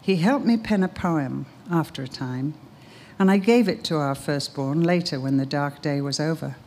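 A woman's voice: sits low, normal speed, a little mellow, a little hiss or hum. An older woman giving an earnest, emphatic sermon, telling a story and reciting a poem. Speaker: speaker, teacher.

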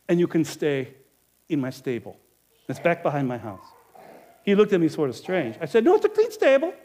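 A man performing a dramatic monologue as a harried, money-minded male innkeeper, talking in a chatty, wheedling salesman's patter that can drop to a hushed confession. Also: high-pitched. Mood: salesy. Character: harried, penny-pinching male innkeeper of Bethlehem, middle-aged. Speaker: storyteller in character. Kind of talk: first-person dramatic monologue.

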